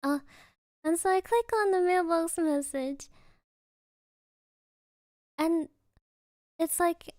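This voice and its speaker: A young woman streamer at home, telling a story in casual chat, excitable and laughing often, with lots of fillers. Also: very high voice, slow, pauses often, dry recording, clean studio sound. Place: at home, creaky floor.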